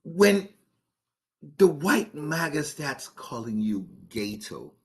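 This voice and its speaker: Animated and measured, a mid-range male voice hosts a podcast full of opinionated commentary. He leans on rhetorical questions and emphatic delivery, often restarting sentences with repeated words.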